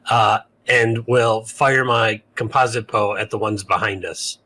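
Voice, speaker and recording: A man playing a tabletop game, declaring his character's actions with hesitant pauses. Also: on the low side, fairly even intonation, pushed and bright. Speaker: player. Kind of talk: casual tabletop game play.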